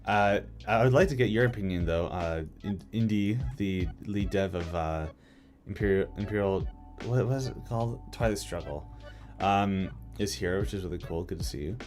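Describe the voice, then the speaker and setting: A man's voice: low voice, normal speed, a little mellow, soft background music. A man talking casually on a live stream, thinking aloud with many fillers and restarts. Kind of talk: casual live-stream chat about a map mod.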